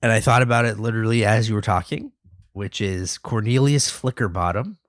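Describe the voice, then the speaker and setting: A man's voice: lowish voice, a little fast, dry recording. Podcast host, male, playful and chatty, dry close sound. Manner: playful, wraps up segments. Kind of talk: casual podcast chat.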